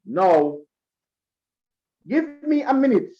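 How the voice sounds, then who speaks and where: Jamaican man, school concert emcee, unhurried animated storyteller, dull lo-fi recording. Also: very high voice. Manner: lively storyteller who acts out quoted voices. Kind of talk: speech to students at a school concert.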